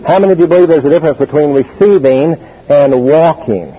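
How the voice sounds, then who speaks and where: A man preaches in a fairly high, husky voice, pressing hard on his key points. He calls out for the congregation to repeat words after him. The recording is dull and lo-fi. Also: a little fast. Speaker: pastor. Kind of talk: sermon.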